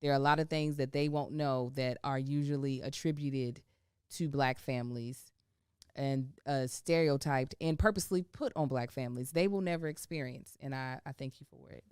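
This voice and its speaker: Smooth, low-voiced woman chatting candidly. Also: moderate pace, a little mellow, no echo, studio quality. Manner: candid, reflective, often laughing. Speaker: podcast co-host. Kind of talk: casual chat.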